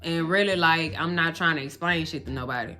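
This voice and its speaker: A woman's voice: deep voice, brisk, sharp tone, soft background music. A young woman vlogger telling a story in a casual, blunt, profane way.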